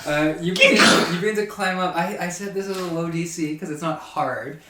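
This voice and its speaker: A man's voice: high voice, a little fast, over a noisy crowd. A man narrating a tabletop game as game master, describing scenes in a loose, hesitant way with many fillers. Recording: roomy, distant mic with faint noise.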